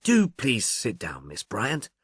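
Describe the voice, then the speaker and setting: Gentle, polite detective, calm and low-key, read by a male narrator. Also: slow, husky, no echo, clean studio sound, full character voice. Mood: reassuring. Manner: reassuring, a bit awkward. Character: mild, cordial middle-aged police inspector.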